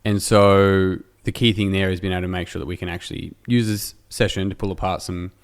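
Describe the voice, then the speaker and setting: A man's voice: sits low, fairly even intonation, a little fast, smooth. A man from Australia hosting a podcast interview in person, talking in a rambling, jokey, self-deprecating way. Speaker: podcast host. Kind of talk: casual interview chat. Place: indoor room, in person.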